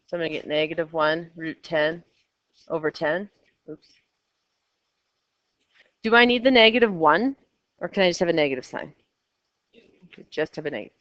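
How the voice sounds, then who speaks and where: A woman's voice: fairly low pitch, fairly bright tone, no echo, lo-fi sound. A woman teaching a math class, chatty and coaxing her students with questions. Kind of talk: classroom lecture.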